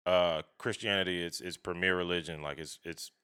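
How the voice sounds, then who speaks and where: A man's voice: deep voice, normal speed, smooth. A man in casual conversation, talking bluntly and with plenty of profanity. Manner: blunt, profane, animated storytelling. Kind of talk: casual chat.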